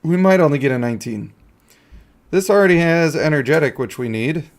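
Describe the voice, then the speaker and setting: A male streamer chatting through a mobile game, joking and talking to himself and his viewers. His voice sits somewhat high for a man and stays relaxed and casual. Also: brisk. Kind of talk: casual live-stream commentary.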